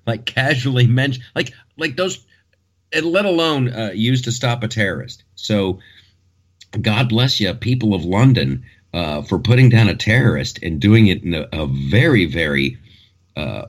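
A man hosting a podcast in casual chat, rambling and joking as he talks through the news. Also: lowish voice. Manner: rambling, joking, many restarts. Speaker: podcast host.

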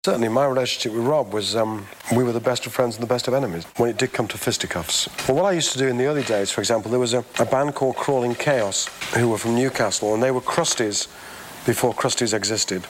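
A man's voice: medium pitch, quick pace. A middle-aged man, the founder of a record label, telling wry, self-mocking anecdotes in an archive interview. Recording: faint background noise.

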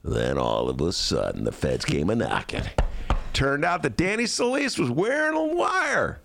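A man's voice: medium pitch, a little slow, creaky, noisy background. A man from Chicago co-hosting a podcast, ranting sarcastically in casual chat. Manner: animated and sarcastic, slips into mocking voices. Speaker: podcast co-host.

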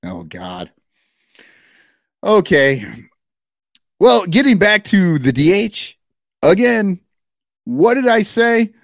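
A man's voice: high voice, takes it slowly, gravelly, pauses often, no echo, clean studio sound. A man co-hosting a podcast, ranting casually with lots of swearing and rambling asides. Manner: animated, profane, rambling rants. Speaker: podcast co-host. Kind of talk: casual chat.

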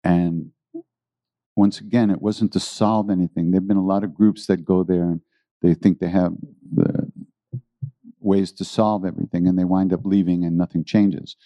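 A man's voice: sits low, flat delivery, normal speed, mellow, no room sound. A man giving an informal spiritual talk to a live audience, earnest and rambling, often repeating his phrases.

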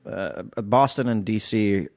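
A man's voice: on the low side, a little slow. Male comedian riffing crude jokes. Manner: crude riffing, deadpan punchlines. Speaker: comedian, podcast guest. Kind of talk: casual chat.

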